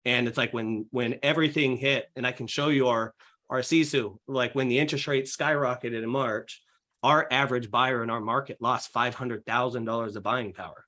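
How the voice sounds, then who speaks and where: A man's voice: mid-range voice, fairly even intonation, normal speed, pushed and bright. A young man, a real estate agent guest on a podcast, explaining eagerly in casual talk with lots of fillers and acted-out client quotes. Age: young adult.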